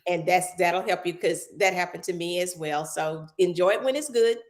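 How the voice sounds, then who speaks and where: A woman's voice: fairly low pitch, normal speed. A woman pastor giving firm, encouraging advice on a live online show.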